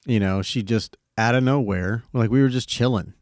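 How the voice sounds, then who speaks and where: A man's voice: mid-range voice, normal speed, darkish tone, no room sound, clean studio sound. A middle-aged man hosting a podcast, telling a long story in a rambling, casual way full of fillers and the odd swear. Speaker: podcast host.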